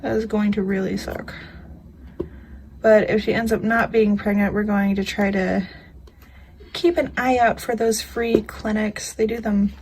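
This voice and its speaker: On a low-quality recording with a bit of hiss or hum, a young woman vlogs about crafts in a mid-range, darkish voice that's fairly even and a little slow. Casual and rambling, she moves through stories with lots of filler, "you know"s and laughter.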